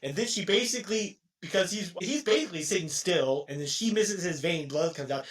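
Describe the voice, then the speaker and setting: Bright-voiced rambling podcast man, distant mic. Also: fairly high pitch, animated, brisk, hardly any pauses. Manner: rambling, profane, ends phrases with a questioning "no?". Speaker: podcast co-host. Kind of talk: casual chat retelling a film.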